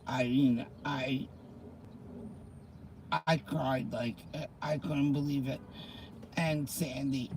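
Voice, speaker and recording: A woman's voice: very deep voice, a little mellow, slight background noise, poor audio. A middle-aged woman, chatting emotionally to her viewers in a rambling way, close to tears. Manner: rambling, emotional, talks to commenters. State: tearful. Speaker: vlogger. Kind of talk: casual chat to viewers.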